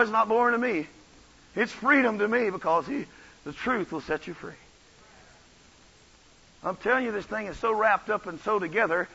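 A man preaching a revival sermon, swinging from soft asides to shouted runs. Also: high voice, creaky, slightly rough, dull audio. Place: church.

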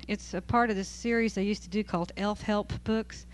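A woman's voice: mid-range voice, fairly even intonation, brisk. A woman leads a Bible study in an easy, conversational voice. She teaches from scripture to a group and talks informally. Her amusement comes through often, with laughter as she reads. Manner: conversational, amused, laughs while reading aloud. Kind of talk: church talk to a group.

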